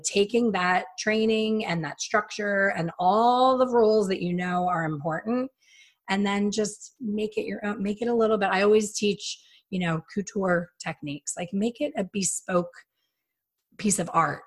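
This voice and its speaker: A woman in her fifties tells salon stories in a loose, chatty way, often slipping into the voices of the people she quotes. Her voice sits on the low side for a woman. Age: 50s. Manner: animated storyteller who acts out quotes. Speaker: hairstylist and podcast host. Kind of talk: casual storytelling chat.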